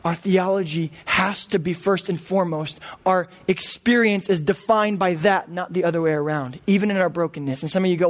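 A man's voice: high voice, normal speed, hardly any pauses. A man in his thirties preaching a sermon, earnest and emphatic. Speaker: pastor.

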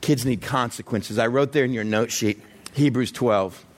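A man preaching a sermon in an animated way, acting out everyday scenes with humor and asking the audience direct questions. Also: medium pitch, moderate pace. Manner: talks straight to the audience with questions. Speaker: pastor.

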